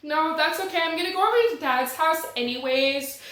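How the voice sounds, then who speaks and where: A woman's voice: high voice, brisk, fairly bright tone. A woman voicing a young adult son who brushes off his mother's help in an offhand way. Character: casual adult son, dismissive. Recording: roomy echo.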